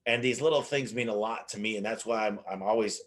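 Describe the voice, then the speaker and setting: A man telling animated stories as an interview guest, acting out the dialogue in his anecdotes with frequent restarts. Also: lowish voice, quick pace. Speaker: business owner guest. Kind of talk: casual interview storytelling.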